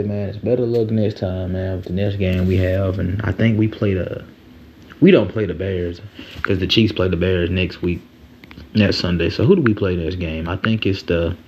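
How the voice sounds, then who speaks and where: A man's voice: sits low, normal speed, darkish tone, muffled recording, a little hiss or hum. A man hosting a solo sports podcast, talking loosely and rambling, with lots of slang and swearing.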